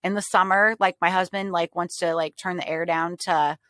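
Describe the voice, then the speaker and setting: Bright joking woman podcast host. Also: lowish voice, moderate pace, no echo. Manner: animated, joking, swears casually. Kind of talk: casual chat.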